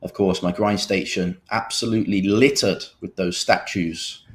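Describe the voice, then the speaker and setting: Brummie poker commentator in his thirties, lowish voice, joking and boastful. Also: steady tone, normal speed. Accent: Birmingham English. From England. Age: 30s. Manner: jokey, self-mocking, playful boasts. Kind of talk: live commentary banter.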